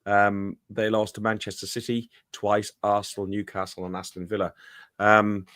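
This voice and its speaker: Irish man with a low, dry voice. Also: little pitch movement, normal speed, fairly bright tone, no room sound. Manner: hesitant, full of ums and restarts. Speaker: podcast co-host. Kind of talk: casual football fan chat.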